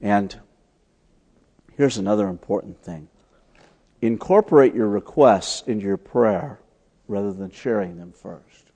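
A man preaching a sermon, telling stories as he teaches, swinging from loud emphatic lines to soft, hushed ones. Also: on the low side, unhurried, pauses often, husky. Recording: long hall reverb.

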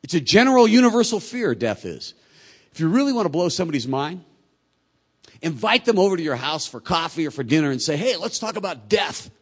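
A man preaching a sermon. His delivery is conversational and swings between hushed, slow passages and louder, quicker ones. He brings in quoted people with lively voices of their own. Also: fairly high pitch. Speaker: pastor.

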